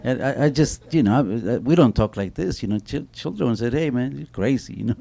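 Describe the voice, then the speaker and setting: Brisk and lively in intonation, this middle-aged man has a medium-pitched voice that's creaky yet mellow. On an author panel he tells stories animatedly, with many restarts and a recurring "you know."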